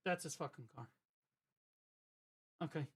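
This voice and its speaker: A man streaming live in a casual, profane rant, jumping from loud outbursts to low mutters. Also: measured pace, breathy edge.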